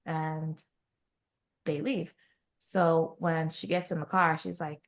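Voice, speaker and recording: Woman, podcast co-host, low voice, casual book chat, acts out quotes. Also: measured pace. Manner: animated retelling, acts out quoted lines.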